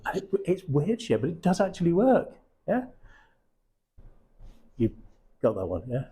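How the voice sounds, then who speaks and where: A man's voice: fairly high pitch, wildly swooping pitch, measured pace, warm tone, breathy edge. A middle-aged man coaching recruiters, blunt and casual, swearing freely and checking in with his audience. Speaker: sales coach. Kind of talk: live coaching session.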